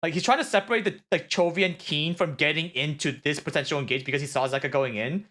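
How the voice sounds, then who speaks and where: A man streaming, reviewing an esports match in casual, excitable analysis, rambling with many filler words. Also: fairly high pitch, fast.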